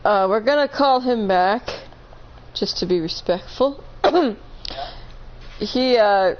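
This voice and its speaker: A woman's voice: medium pitch, slow, highs cut off, slight background noise. A woman casually telling a long story on a live stream, rambling, correcting herself and laughing between points.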